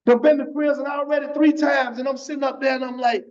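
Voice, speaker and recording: Man, high voice, preaching his testimony with fervor, keeps saying "man"; muffled church stream audio. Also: level tone, fast. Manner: fervent, repeats phrases, tags lines with "man".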